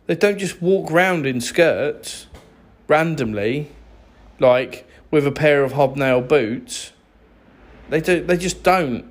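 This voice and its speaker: English man, unhurried sarcastic rant, exasperated asides. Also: fairly high pitch. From England. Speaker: vlogger. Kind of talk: ranting to camera.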